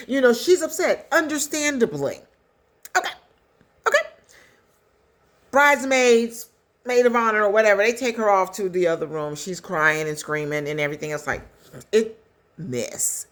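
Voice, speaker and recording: A woman casually recapping a story in a chatty, animated way, with quick asides. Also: medium pitch. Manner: chatty, animated retelling with acted quotes. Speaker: commentator recapping a skit.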